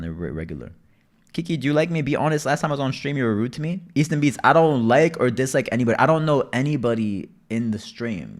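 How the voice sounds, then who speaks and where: This young man is casually livestreaming, reading chat messages aloud and telling stories laced with heavy swearing and loud bursts. His voice falls in the mid range.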